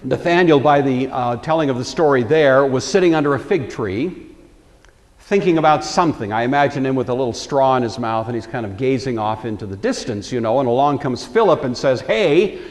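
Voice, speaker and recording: A man's voice: medium pitch, brisk, darkish tone, big-room sound. A man teaching a Bible lecture in a conversational storytelling way, acting out the quoted lines.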